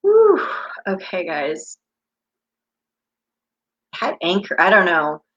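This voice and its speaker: Woman, 50s, from the United States, intuitive coach, casual live-stream chat, rambling spiritual tangents, lowish voice. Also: fairly even intonation, unhurried, a bit bright, lo-fi sound, slight background noise. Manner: chatty, tangent-prone, spiritual.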